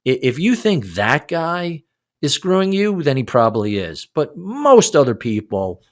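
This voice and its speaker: A man in his sixties, a podcast guest, telling a story in a casual interview, animated and casually profane. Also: on the high side, a little slow. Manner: animated, acts out quoted lines, swears casually.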